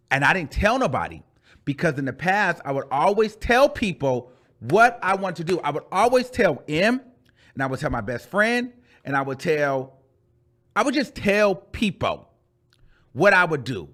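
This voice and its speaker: A man telling a storytime rant on his channel in a chatty, animated way, calling the listener "girl" and repeating phrases for emphasis. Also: medium pitch, unhurried. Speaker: YouTuber.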